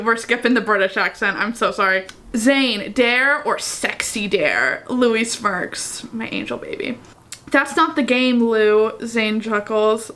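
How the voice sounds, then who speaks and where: A woman vlogger with a fairly high, pushed and bright voice casually reads fan fiction aloud. She keeps breaking off into chatty, giggly asides, making it a casual reading vlog with commentary.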